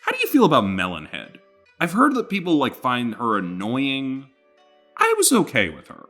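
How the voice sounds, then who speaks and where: A man's voice: medium pitch, wildly swooping pitch, normal speed, sharp tone, soft background music. A man hosting a casual podcast chat, joking and laughing easily. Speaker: podcast host.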